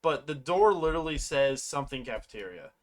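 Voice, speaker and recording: Rambling plot recap, casual tone, frequent swearing, animated quoting, middle pitch. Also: brisk. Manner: rambling, swears often, acts out quotes in animated voices. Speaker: movie reviewer.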